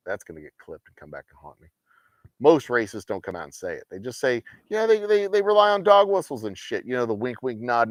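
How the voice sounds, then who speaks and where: A man rants on a game night livestream, swearing freely and slipping into sarcastic mock quotes. His pitch leaps up and down wildly as he gets worked up. The sound is dry and close, with no room echo. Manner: profane, animated ranting with sarcastic mock quotes. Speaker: host of a game night stream. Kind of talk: casual ranting chat on a livestream.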